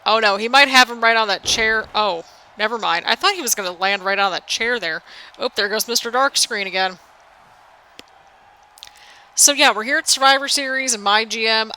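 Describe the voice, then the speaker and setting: A woman's voice: a little high, pushed and bright, poor audio. A young woman, a little tired, chatting in a rambling, sing-songy way as she commentates a wrestling video game for her channel. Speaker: gaming channel host.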